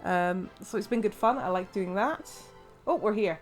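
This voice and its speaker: A woman's voice: mid-range voice, normal speed, faint music behind. Chatty English woman playing a game. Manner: chatty, rambling, many fillers and laughs. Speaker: let's play host. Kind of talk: casual gameplay commentary.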